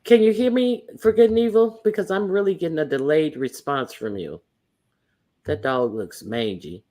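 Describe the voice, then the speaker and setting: A woman's voice: deep voice, expressive, moderate pace, mellow. A woman hosting a casual commentary livestream, blunt and profane, with many fillers and restarts. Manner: hesitant, lots of fillers and restarts. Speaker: livestream host.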